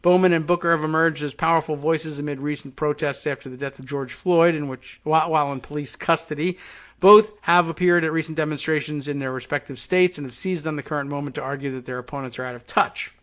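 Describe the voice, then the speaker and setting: A man's voice: on the high side, fairly even intonation, quick pace, a bit bright. A middle-aged male podcast host reading a news article aloud and breaking off into dry muttered asides. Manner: drops to dry muttered asides between read passages.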